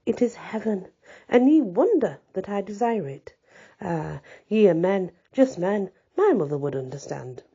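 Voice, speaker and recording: A young peasant woman soldier speaks with gentle, earnest conviction, as a woman reader voices her. Her tone is mellow and dark with a husky edge. The recording is dull and lo-fi. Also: mid-range voice, sing-song, measured pace, full character voice.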